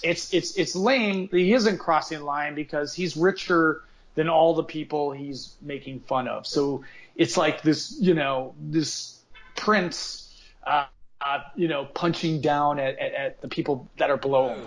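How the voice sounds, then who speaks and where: A man chats casually on a podcast, rambling and restarting his sentences with many fillers. His voice sits a little higher than most men's. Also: a little slow. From United States. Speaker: podcast co-host. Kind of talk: casual chat.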